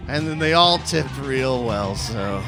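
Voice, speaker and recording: A man's voice: mid-range voice, expressive, slow, gravelly, music in the background. A man in his thirties telling a comic personal story to a live audience, laughing through his lines as he mocks himself.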